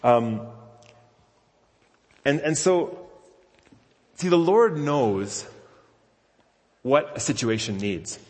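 Male pastor, mid-pitched, relaxed storytelling sermon, long hall reverb. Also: extremely slow, pauses often. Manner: conversational, self-deprecating storytelling. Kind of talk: conversational sermon.

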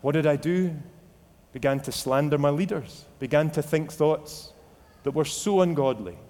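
A man's voice: on the high side, normal speed, a little mellow. A man from Scotland with a Scottish accent, preaching a sermon earnestly and reflectively, sharing a personal testimony. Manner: earnest and reflective, with quoted inner dialogue. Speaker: pastor. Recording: long hall reverb.

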